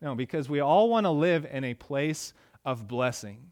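A man's voice: a little high, lively intonation, normal speed, a little mellow. Conversational man preaching a sermon. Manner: conversational preaching, rising emphatic on quoted lines. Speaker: pastor.

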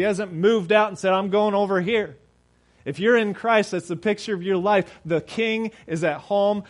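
A man preaching a sermon as pastor, earnest, slowing down and dropping softer on key phrases. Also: high voice.

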